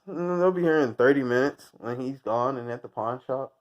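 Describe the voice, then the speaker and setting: A man's voice: a little high, big pitch swings, a little slow, darkish tone. A man from the United States ranting casually, rambling and crude, often breaking into laughter at his own jokes. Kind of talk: casual profane rant. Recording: dull lo-fi recording.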